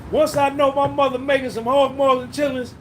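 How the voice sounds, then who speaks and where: A man's voice: very high-pitched, level tone, fairly quick, a little hiss or hum. A man hosting a podcast livestream, talking casually and profanely, reminiscing and reading out viewers' names. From New Jersey. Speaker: podcast host.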